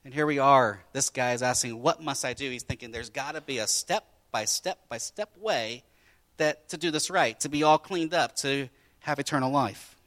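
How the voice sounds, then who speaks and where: A man preaching a sermon as a pastor, telling stories in a lively way that swings between loud and quiet. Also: medium pitch, normal speed.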